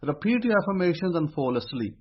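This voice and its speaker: A man's voice: on the high side, big pitch swings, brisk, slightly rough, lo-fi sound. A man giving a motivational talk, counting off points and often repeating his phrases. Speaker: speaker teaching affirmations. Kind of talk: motivational teaching monologue.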